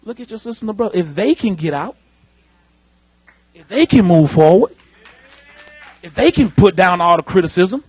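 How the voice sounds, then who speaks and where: Male pastor, animated sermon delivery, high and husky. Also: moderate pace, pauses often. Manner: animated preaching, calls out to the congregation. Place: church sanctuary.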